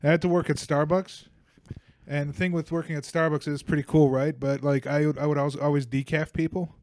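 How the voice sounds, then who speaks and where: A man's voice: on the high side, flat delivery, fairly quick, a little mellow. A young man from Bulgaria, co-hosting a comedy podcast and telling crude, rambling stories while laughing at his own jokes. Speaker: podcast co-host. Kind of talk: casual comedic storytelling.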